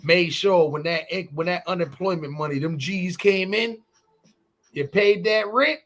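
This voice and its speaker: A man's voice: high-pitched, measured pace, fairly bright tone. A man co-hosting a podcast in casual chat, loose and conversational, often asking "you know what I'm saying". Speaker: podcast co-host.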